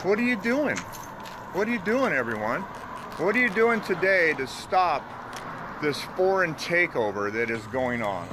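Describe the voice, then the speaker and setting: A man urging his viewers on in a preachy, agitated way. His voice is high. The stream carries loud street and traffic noise. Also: big pitch swings, unhurried. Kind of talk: livestream rant.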